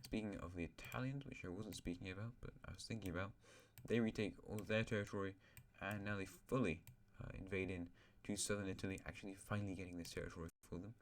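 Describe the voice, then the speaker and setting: Very low male voice, casual map narrator, rambles and corrects himself mid-sentence. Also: steady tone, quick pace, hardly any pauses. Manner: rambling, self-correcting, joking asides. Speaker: host of a map series.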